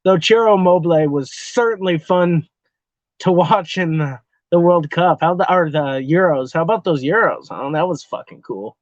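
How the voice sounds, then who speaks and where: A man from Texas with a fairly high voice talks loosely to his stream chat, swearing freely and breaking into laughs as he rambles from one comment to the next. The sound is dull and lo-fi, dry and close with no room around it. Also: moderate pace, no echo. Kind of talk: casual live-stream chat.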